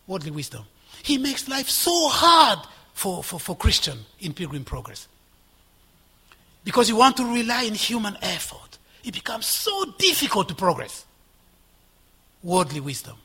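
A male preacher delivers a sermon in a high, husky voice. He swings between ringing exhortation and hushed, whispered asides.

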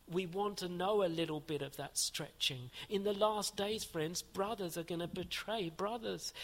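A man preaching with an earnest, searching tone, his voice sitting a little high for a man. He poses rhetorical questions to the congregation and reads aloud from a commentary. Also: gravelly, fairly bright tone. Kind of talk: sermon.

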